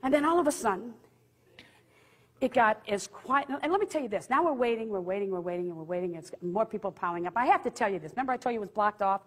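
A woman giving a lively, humorous faith testimony, acting out what people said as she tells the story. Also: mid-range voice, fast, husky. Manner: lively, humorous, acts out quotes. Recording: long hall reverb.

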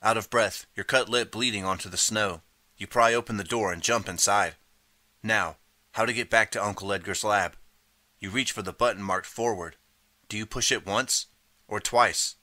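A man reading a second-person interactive audiobook in steady, measured narration. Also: fairly low pitch, no room sound.

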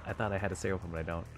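A man streaming a game, chatting playfully and rambling to his viewers and his pets. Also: low-pitched. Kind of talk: casual gameplay stream chat.

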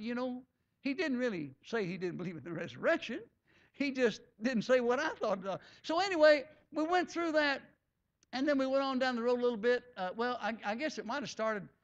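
A man's voice: extremely high pitch, a bit bright. A man preaching a testimony sermon, telling his story in a folksy way and acting out the dialogue. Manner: folksy, acts out quoted dialogue. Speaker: guest preacher. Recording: dull lo-fi recording.

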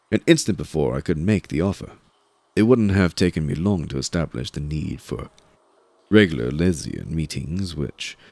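A man narrating a first-person audiobook in a dry, measured storytelling manner. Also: very deep voice, darkish tone, no room sound.

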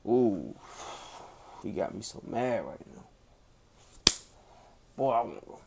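A man's voice: lowish voice, animated, takes it slowly, vocal fry, mellow, slight background noise, exaggerated voice. A man acting out an angry young man who storms off for bear spray, groaning and sighing theatrically. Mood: mock fuming. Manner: fuming, theatrical sighs and groans.

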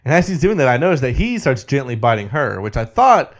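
A man co-hosting a podcast, casually recapping a movie in an animated way and laughing often. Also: medium pitch, fast talker. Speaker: podcast co-host.

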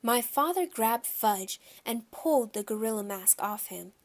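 Woman narrator for a children's audiobook, lively and expressive. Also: on the high side, a little slow.

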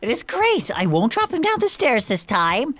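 Excitable high-voiced woman gamer. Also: normal speed. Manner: excitable, jumpy, talks to the game characters. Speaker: gaming channel host. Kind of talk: let's play commentary. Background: game music.

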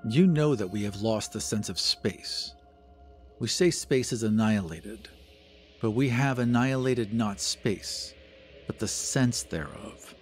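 A man voicing an earnest young man who defies the machine, speaking low, deliberate and grave in an audio drama over music. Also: animated.

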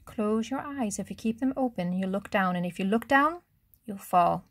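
A woman's voice: medium pitch, expressive, normal speed, dry recording. Matteo, a woman voicing a cocky French boy. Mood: instructing. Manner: curt, teasing, matter-of-fact. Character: blunt, cocky French boy rooftop dweller.

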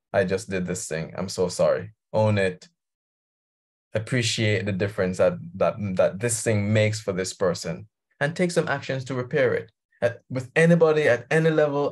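A man coaching leaders, talking conversationally over a video call and laughing easily. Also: mid-range voice. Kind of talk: guest talk on a video call.

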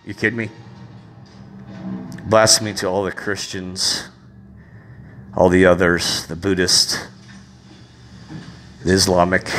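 A man on a passionate, indignant religious rant, repeating his exasperation and rising to loud peaks. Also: fairly low pitch. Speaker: vlogger.

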